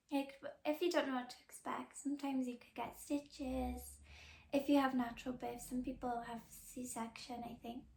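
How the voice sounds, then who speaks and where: A young woman hosting a podcast, telling a personal story in a casual, chatty way, full of "like" fillers and soft confiding asides. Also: high-pitched, gravelly, roomy sound, a little hiss or hum. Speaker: podcast host.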